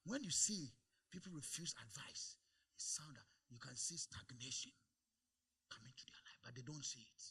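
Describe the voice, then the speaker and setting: A man preaching a sermon in a church service, calling for amens and swinging between quiet asides and loud exclamations. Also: mid-range voice, lively intonation, moderate pace, breathy edge. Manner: calls for amens from the congregation. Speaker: pastor.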